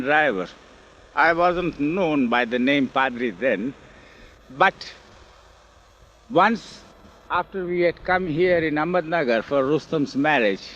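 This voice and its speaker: An older man telling memories in an oral history interview, animated and acting out the quoted speech, recorded outdoors on old film. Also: fairly high pitch, a little hiss or hum. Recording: dull lo-fi 1970s film audio.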